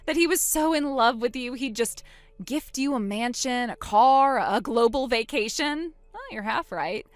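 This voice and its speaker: A woman voicing a wronged older sister in a dramatized text-message story, speaking quietly and deliberately. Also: fairly high pitch, lively intonation, dry recording. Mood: cold.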